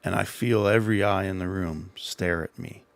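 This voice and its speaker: A man's voice: deep voice, steady tone, normal speed, gravelly, no room sound. A middle-aged man hosting a livestream, telling a rambling, self-deprecating story and giving casual advice. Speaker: livestream host.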